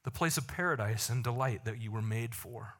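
A man preaching a sermon to a congregation, animated, with joking asides and slow, emphatic lines. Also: medium pitch. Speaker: pastor.

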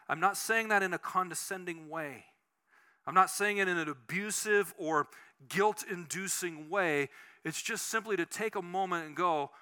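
A man preaches as pastor in a conversational sermon, telling personal stories in an animated way and often restarting sentences. His voice sits high and has a clean tone.

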